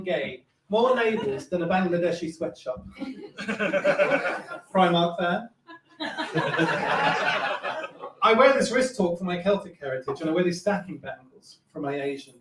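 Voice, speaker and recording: A man's voice: high-pitched, very animated, slow, long pauses, background noise. A man doing a camp, self-mocking stand-up set in a live comedy club. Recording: echoey club, distant mic, crowd laughter.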